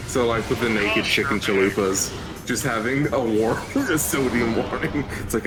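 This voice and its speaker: A man's voice: mid-range voice, moderate pace, over music, rough recording. A man chatting with friends on a stream, joking and giggling as he talks. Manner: giggly, jokey. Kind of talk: casual chat.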